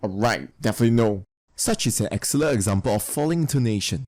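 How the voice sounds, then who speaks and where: A man's voice: on the low side, lively intonation, fast talker, a little mellow. A man teaching a recorded lesson, explaining steadily and spelling out examples. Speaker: English teacher.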